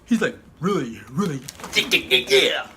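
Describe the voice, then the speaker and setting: A man's voice: a little high, animated, a little slow, sharp tone, slight background noise. A man voicing a laid-back, slangy surfer-dude storyteller in a comic kids' Bible lesson, rambling and full of "like" and "man".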